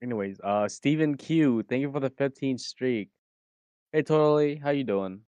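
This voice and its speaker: A man's voice: mid-range voice, normal speed, a little mellow, smooth, no echo. A man co-hosting a casual stream chat, joking in a laid-back way and reading chat messages aloud. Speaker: VTuber streamer and co-host.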